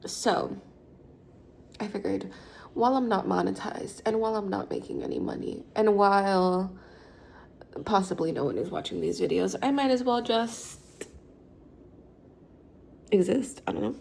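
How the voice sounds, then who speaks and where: A woman's voice: medium pitch, animated, unhurried, vocal fry, pauses often, darkish tone, slight background noise. A tired, hungover woman in her twenties chatting casually while she makes coffee at home, rambling with lots of fillers and self-corrections. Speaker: vlogger. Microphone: phone held low.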